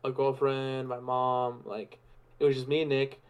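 A young man from Arizona chats as a podcast guest in a relaxed, earnest way. His voice is smooth and clear, and his pitch stays level, with little rise or fall. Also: a little slow, lo-fi sound. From Yuma, Arizona. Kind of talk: casual chat.

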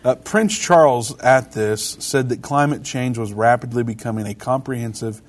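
Husky-voiced male talk show host. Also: mid-range voice, normal speed. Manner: relaxed, conversational, reads quotes aloud. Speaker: podcast co-host. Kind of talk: casual religious talk show.

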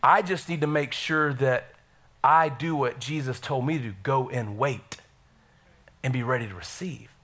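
A middle-aged man preaching a sermon in a church, energetic and calling out to the congregation. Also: medium pitch, moderate pace. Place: church sanctuary.

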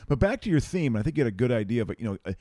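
A man's voice: medium pitch, very animated, rapid-fire, mellow, no room sound, studio quality. A man co-hosting a casual podcast chat, rambling and restarting his sentences and laughing easily. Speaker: podcast co-host. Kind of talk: casual chat while watching an awards show.

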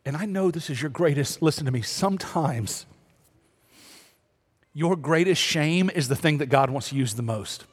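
A man's voice: fairly high pitch, fairly quick. Man preaching in a big reverberant hall. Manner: comic storytelling turning earnest. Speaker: pastor. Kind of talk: sermon with humorous story. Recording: long reverb of a large hall.

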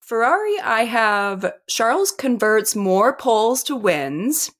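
A woman co-hosting a casual sports podcast, animated and quick to laugh. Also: a little high. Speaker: podcast co-host.

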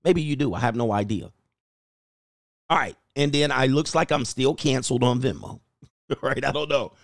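A man hosting a casual livestream, reading viewer comments aloud, animated and laughing, with loose swearing. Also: mid-range voice, moderate pace, vocal fry, dry recording, studio quality. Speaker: livestream host reading chat.

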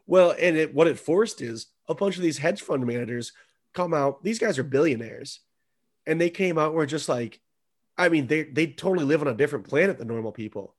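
A man in casual chat, animated and mocking, swearing freely. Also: on the high side, brisk.

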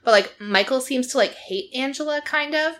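Bright-voiced woman host telling a story. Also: high voice, normal speed. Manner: animated storytelling, laughs often, many "like" fillers. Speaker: podcast host. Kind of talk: casual chat recapping a reality show.

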